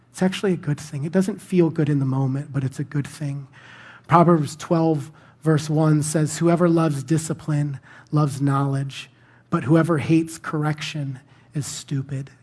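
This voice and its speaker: A man's voice: fairly high pitch, a little mellow, husky. A man preaching a sermon in a conversational, self-deprecating storytelling manner. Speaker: pastor.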